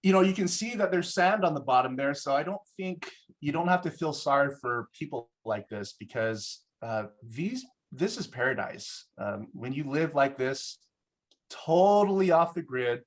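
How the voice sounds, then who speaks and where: A man's voice: fairly high pitch, lively intonation, moderate pace. Brief: man, casual course presenter, chuckling, filler-heavy storytelling. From Samoa.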